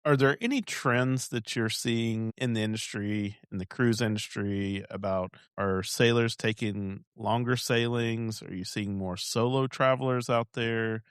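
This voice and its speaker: A man's voice: on the low side, steady tone, measured pace, few pauses, clear, resonant tone. A man hosting a travel podcast, reading an upbeat promo and asking interview questions. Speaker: podcast host.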